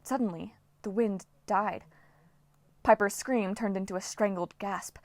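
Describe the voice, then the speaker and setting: A woman reading a novel aloud as an audiobook narrator, with steady, dramatic storytelling. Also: mid-range voice, unhurried, no room sound. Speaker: audiobook reader.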